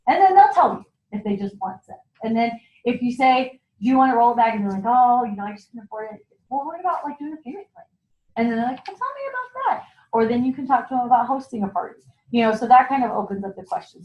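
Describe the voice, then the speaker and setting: A woman giving a chatty sales training talk at a meeting, acting out what customers say. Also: fairly high pitch. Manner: chatty, acts out customer lines in quick voices. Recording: echoey room, dull lo-fi sound.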